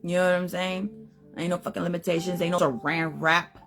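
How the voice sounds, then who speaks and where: A woman's voice: on the low side, steady tone, a little fast, fairly bright tone, faint music behind. Blunt, foul-mouthed woman ranting. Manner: blunt, emphatic, heavy swearing. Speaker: podcast host. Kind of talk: profane opinion rant.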